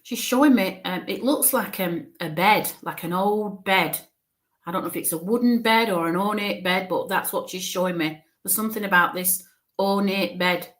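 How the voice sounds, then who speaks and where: A woman medium giving a live reading, speaking haltingly, searching for words, repeating phrases and often checking in with the listener. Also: mid-range voice, a bit bright. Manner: searches for words mid-sentence. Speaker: spiritualist medium.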